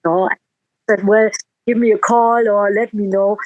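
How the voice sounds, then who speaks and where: A woman's voice: medium pitch, steady tone, normal speed, no echo, phone-quality sound. A woman musician in a casual interview, telling a heartfelt story with quoted dialogue and frequent restarts.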